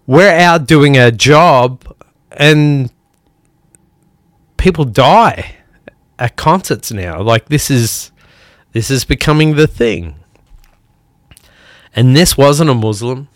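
This angry podcast monologue comes from a host who is a musician and a man from outside the U.S. He talks bluntly, swears a lot, and breaks off with sighing pauses. The voice is mid-range, and the recording is studio quality without any echo.

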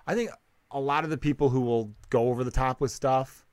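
A man chatting on a podcast, rambling and swearing freely while he cuts himself off mid-sentence. His voice sits at a middling pitch for a man. The sound is dry and close, with no room around it. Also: fairly quick, a little mellow, smooth, dry recording. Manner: rambling, profane, self-interrupting. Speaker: comedian and podcast host. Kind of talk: casual podcast chat.

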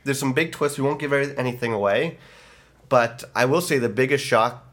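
A woman's voice: extremely low pitch, brisk. A woman chatting casually about a film, easygoing, with a teasing, joking manner. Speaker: podcast co-host reviewing a film. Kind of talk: casual chat.

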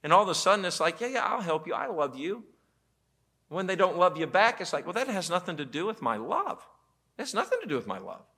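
Man, pastor, sermon, bright voice, lively storytelling, church auditorium. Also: sits high, fairly quick, husky. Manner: animated storytelling with quoted voices.

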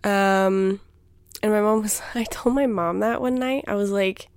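A young woman hosts her own podcast, rambling casually through a personal update full of fillers, restarts and self-interruptions. Her medium-pitched voice is clear, resonant and darkish, with fairly even intonation and an unhurried pace, captured in a dry recording.

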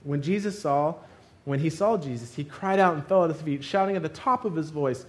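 A man preaching a sermon retells a story with lively humor, doing funny voices for the characters. His voice is a little high and he talks fairly quickly.

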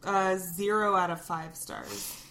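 A woman's voice: on the low side, very animated, slow, crowd noise. Wry woman podcast co-host. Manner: wry, dramatic complaints, giggly. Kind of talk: casual chat. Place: her kitchen.

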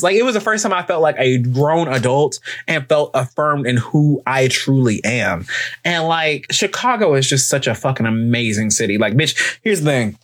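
A young man from Alabama, hosting a casual solo chat in a sassy, profane, animated storytelling manner. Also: on the high side, moderate pace. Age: young adult.

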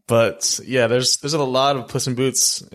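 A man's voice: mid-range voice, level tone, a little slow, a bit bright. A young man chatting casually about a film he saw, rambling with lots of fillers and restarts. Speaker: film podcast co-host. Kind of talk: casual film review chat.

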